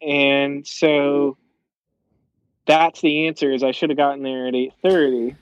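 A man's voice: fairly high pitch, level tone, a little slow, clean tone, no room sound, highs cut off. A young man telling a long, rambling story in casual chat, swearing and using lots of fillers.

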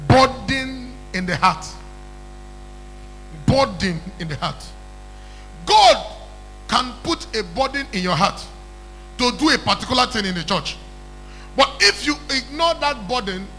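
A man's voice: high voice, sharp tone, poor audio. A man preaching an emphatic call-and-response sermon who repeats phrases and calls for hallelujah.

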